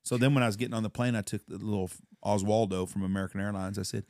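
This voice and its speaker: A man rattles off profane stories at a quick clip, his voice gravelly with fry. He sounds close and dry on the mic, with no room behind him. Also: fairly low pitch, steady tone, a little mellow, no echo. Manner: brash, profane, fast storytelling. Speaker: podcast host. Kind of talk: casual chat, storytelling.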